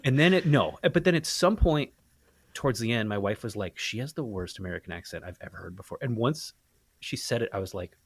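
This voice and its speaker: Lively, rambling man on a dry mic. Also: mid-range voice, dry recording. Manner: lively, rambling, halting restarts. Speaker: podcast guest. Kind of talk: casual movie-review chat.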